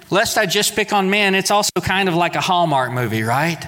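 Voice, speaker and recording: A man's voice: high voice, lively intonation, fairly quick, hardly any pauses, bright, forceful tone. A man preaching a sermon in a conversational way, with playful asides. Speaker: pastor. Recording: long hall reverb.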